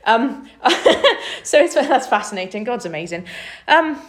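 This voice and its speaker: A woman leading an informal Bible study, talking enthusiastically and climbing in pitch as she gets excited. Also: a little slow, reverberant. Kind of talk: informal preaching to a small group.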